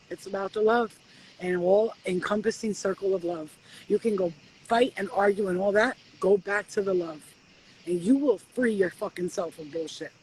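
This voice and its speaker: A woman hosting a live stream as a spiritual reader, giving a swearing, preachy pep talk that swoops in pitch and slows for stress. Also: a little hiss or hum, poor audio. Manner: profane, preachy, animated.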